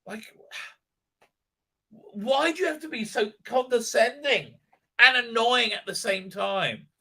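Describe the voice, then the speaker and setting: A man's voice: very high voice, expressive, slow, sharp tone, slightly rough. Sarcastic, profane man ranting. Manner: sarcastic, profane, many fillers. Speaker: live stream host. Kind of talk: ranting commentary.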